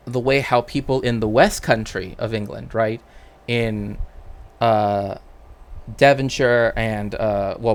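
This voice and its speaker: A man's voice: mid-range voice, creaky. A man, a cultural historian, chatting casually on a live stream in a rambling way, often tagging his sentences with "right?".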